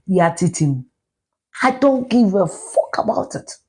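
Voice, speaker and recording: A middle-aged Ghanaian woman with a Ghanaian accent, ranting loudly and profanely in a live video, slipping into Twi. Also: medium pitch, expressive, a little slow, breathy edge. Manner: loud, profane, mixes in Twi. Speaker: social media personality.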